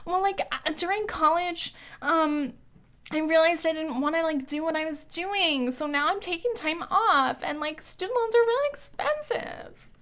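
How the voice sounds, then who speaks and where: A whiny young woman applicant mumbles through a nervous answer in a squeaky, raised voice, as a woman puts on a mock version of herself. She trails off with hesitant fillers and sounds unsure of every word. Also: normal speed, fairly bright tone. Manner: rambling with fillers.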